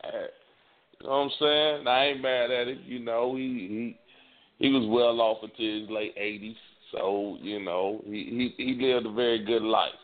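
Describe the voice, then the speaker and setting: A co-host from Indianapolis tells stories on a casual comedy radio chat, acting out voices for the quoted parts. His medium-pitched voice is fairly even and moves at a normal speed, and the audio has a lo-fi, phone-like radio quality.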